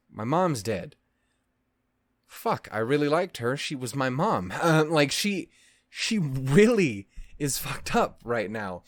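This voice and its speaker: A man in the middle of his range rants through an emotional reaction, swearing freely and restarting his sentences as he goes. His sound is dry and close, with no room around it. He talks like a host who speaks to his viewers in casual, expressive commentary. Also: mid-range voice, no echo. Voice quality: voice actor's expressive delivery.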